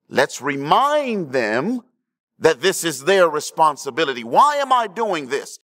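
Guy preaching a sermon, takes his time, bit higher voice, keeps asking the crowd if they're with him. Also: big pitch swings, unhurried. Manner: preaching with call-and-response asides to the congregation; swings between hushed low lines and raised emphatic ones. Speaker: pastor.

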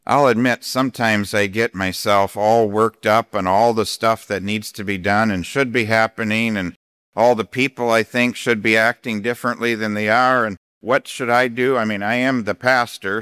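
A man preaching a sermon as pastor, speaking deliberately and emphatically, slowing down to read scripture. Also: lowish voice, fairly bright tone, smooth, no echo, clean studio sound.

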